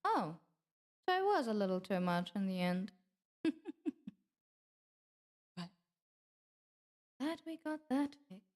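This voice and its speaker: A woman's voice: medium pitch, very animated, takes it slowly, pauses often. A woman streamer chatting in character with viewers at her debut, theatrical and affectionate, calling them darling. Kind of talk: in-character livestream debut chat.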